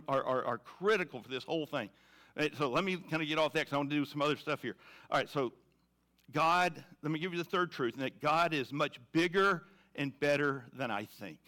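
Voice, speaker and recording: A man's voice: a little high, sharp tone. A man preaching a sermon in a conversational, emphatic way, often repeating phrases. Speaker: pastor.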